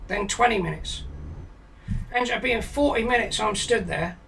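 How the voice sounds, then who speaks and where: A British man telling a crude, rambling comic story in a deadpan way, swearing often. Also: high-pitched, moderate pace, vocal fry, far from the mic, a little hiss or hum, rough recording.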